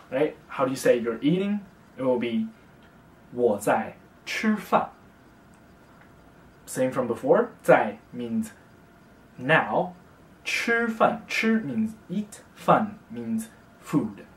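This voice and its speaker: A young man teaching a casual beginner language lesson, speaking slowly and patiently and repeating phrases for the learner. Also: medium pitch, distant mic. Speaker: language tutor. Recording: echoey room, voice from off the mic.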